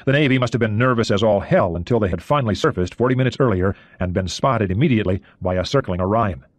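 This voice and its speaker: A man reading a thriller audiobook in steady narration. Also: on the low side, fast, no echo.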